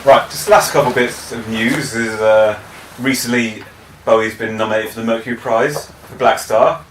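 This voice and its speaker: A podcast co-host with a bright, forward voice and an animated, storytelling delivery. He swears freely. He sounds a little distant from the mic, in a roomy, echoey space. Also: medium pitch, normal speed, slight background noise. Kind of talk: casual chat.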